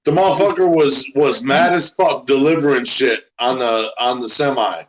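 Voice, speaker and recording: A man's voice: medium pitch, normal speed, rough recording. A man co-hosting a casual chat show, telling rowdy, profane stories. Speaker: co-host.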